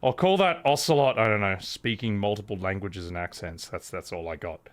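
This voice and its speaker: A man streaming a game, reacting live with animated, laughing, profane and rambling commentary. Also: on the low side, a little fast.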